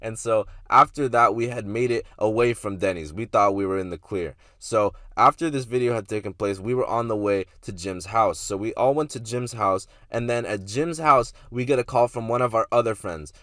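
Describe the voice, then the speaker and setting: Young male vlogger, low-pitched, laid-back storyteller with slang and swearing, dry sound. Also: normal speed, hardly any pauses, bright, forceful tone, no echo. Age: young adult. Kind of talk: casual storytelling.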